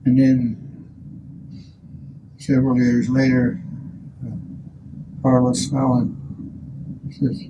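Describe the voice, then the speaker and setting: An older man in an interview, telling stories from his career slowly, with many restarts and pauses. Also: mid-range voice, flat delivery, far from the mic, noisy background. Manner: slow, halting storyteller with many restarts. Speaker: value engineering pioneer. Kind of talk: recollecting in an interview.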